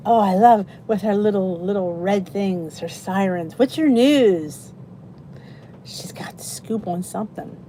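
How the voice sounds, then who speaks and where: A middle-aged woman with a warm, mellow voice hosts a relaxed livestream from a cozy room at home. She chats freely, greets viewers by name, and reacts to their comments. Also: mid-range voice, a little slow, a little hiss or hum. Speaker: host of a live weight loss chat. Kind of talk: casual livestream chat.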